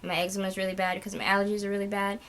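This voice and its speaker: A woman's voice: medium pitch, completely flat delivery, very fast, a bit bright. Young woman, casual vlog rant, exasperated, complaining, lots of fillers. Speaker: vlogger.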